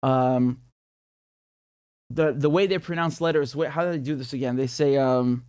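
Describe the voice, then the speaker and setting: A man's voice: medium pitch, moderate pace, darkish tone, smooth, no room sound. Guy rambling through a map, lots of ums and restarts, dry close sound. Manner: rambling, lots of fillers and self-corrections, chuckles often. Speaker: political commentator. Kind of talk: casual explainer over a map.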